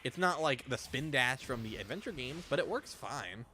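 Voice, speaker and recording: A man's voice: mid-range voice, expressive, normal speed, pushed and bright, slight background noise. A young man chatting casually while streaming a game, rambling and swearing freely. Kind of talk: casual gameplay commentary.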